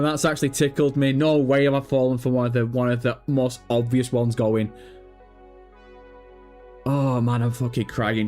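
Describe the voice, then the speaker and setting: A man chatting casually on a gaming news livestream, swearing freely and breaking into helpless laughter. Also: mid-range voice.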